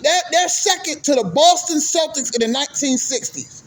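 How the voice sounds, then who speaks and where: A man ranting casually about basketball fans in a profane, animated way, often tagging his points with "right?". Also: extremely high pitch, normal speed, hardly any pauses. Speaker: vlogger, sports commentator. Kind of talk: casual ranting sports talk. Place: sitting at home doing laundry.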